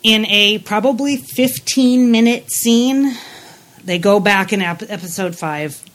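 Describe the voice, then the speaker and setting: A woman co-hosting a podcast, giving blunt, animated reviews in casual chat with frequent restarts. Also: medium pitch, takes it slowly. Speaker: podcast co-host.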